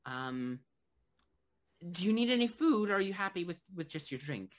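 A man's voice: high voice, sing-song, normal speed, pitched above the performer's own voice. A man voicing a friendly, harried male tiefling barkeep in a tabletop game, talking in hesitant, apologetic restarts.

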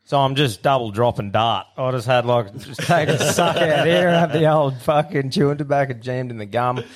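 An Australian man hosts a casual podcast chat, at a middle pitch. He swears freely and laughs often while he spins stories. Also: normal speed. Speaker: podcast host.

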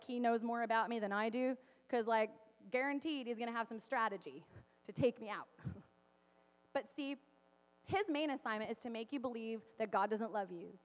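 A woman in her thirties giving a casual, chatty sermon, full of fillers and quick laughs. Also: fairly high pitch. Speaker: preacher. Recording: long hall reverb.

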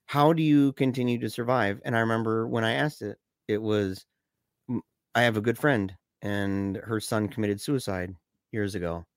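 A man chatting casually on a podcast, animated and quick to rise in pitch, dropping low and quiet for serious stories, with frequent stammers and restarts. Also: no room sound, studio quality. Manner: animated, pitch jumps up when excited, drops low and quiet for somber stories. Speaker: podcast co-host discussing a film. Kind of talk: casual conversational discussion.

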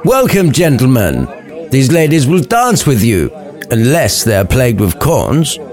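A man's voice: mid-range voice, wildly swooping pitch, unhurried, a little mellow, soft background music, a faint crowd, pitched above the performer's own voice. A man voicing a boastful, jovial older lord hosting a party in a comic storybook retelling, hearty and pushy.

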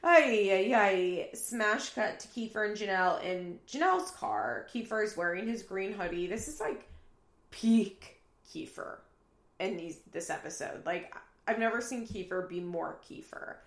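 Brief: casual female recapper, gravelly fry, echoey apartment room. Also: mid-range voice, normal speed. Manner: chatty, laughing, acts out quotes. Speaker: reality TV recap commentator.

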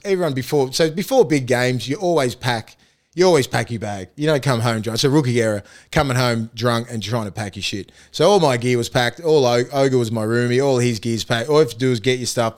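On a laid-back podcast, a medium-pitched Australian man, formerly a rugby league player, rambles through profane anecdotes and laughs a lot.

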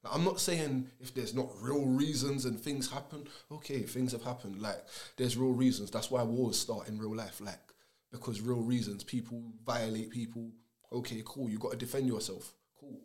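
A young man, talking in an animated, slangy, emphatic way in casual podcast chat. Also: mid-range voice, moderate pace.

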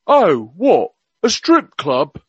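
A man voicing a blunt, tactless elderly royal gentleman, trying for a Cockney accent and firing off cheeky, rude one-liners. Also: sits high, wildly swooping pitch, slow pace, slightly rough, no echo, heavily acted. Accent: attempted Cockney. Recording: dull, dry lo-fi sound.

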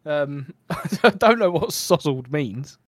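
A man's voice: a little high, expressive, slow pace, dry recording, studio quality. A man co-hosting a podcast, reading a story aloud with stumbles and chatting casually. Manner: stumbles over the text while reading, laughing often.

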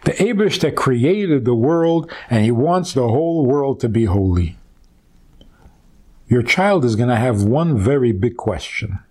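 A rabbi speaks in a slightly husky voice, unhurried, with a lot of rise and fall in pitch. He retells an old story as a teaching and keeps stopping to ask his listeners rhetorical questions. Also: expressive, a little mellow.

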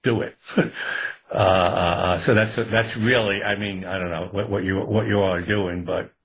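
An older man, an author being interviewed, talking in a relaxed, rambling way with frequent restarts. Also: deep voice, normal speed, creaky, breathy edge. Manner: relaxed, rambling, laughs often. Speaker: author guest. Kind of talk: casual interview talk.

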